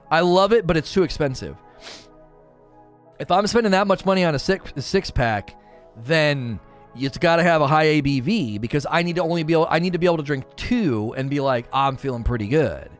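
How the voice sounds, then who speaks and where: Male streamer, casual rambling chat to viewers, higher voice, faint music under. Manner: animated, talks straight to chat viewers. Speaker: livestream host.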